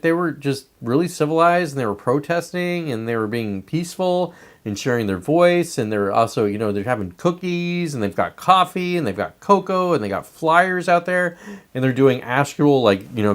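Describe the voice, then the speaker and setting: A man hosting a show, delivering a blunt, profanity-laced political commentary monologue. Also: medium pitch. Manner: profane, emphatic ranting. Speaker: podcast host.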